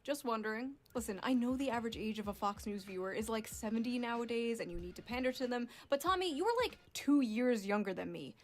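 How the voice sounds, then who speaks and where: Brief: woman commentator, high voice, biting sarcasm, scripted delivery. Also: expressive, quick pace, hardly any pauses. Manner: sarcastic, profane, rhetorical. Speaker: commentary YouTuber.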